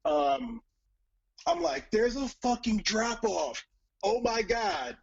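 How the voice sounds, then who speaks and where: A man casually telling a story on a live stream, profane and animated, acting out the voices of other people. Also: sits high, slow pace, breathy edge, muffled recording.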